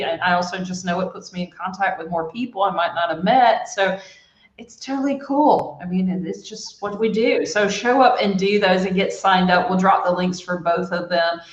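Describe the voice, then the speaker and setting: A woman's voice: medium pitch, lo-fi sound. Upbeat woman host in echoey room. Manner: upbeat, addresses viewers directly. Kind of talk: live online interview wrap-up. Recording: roomy echo.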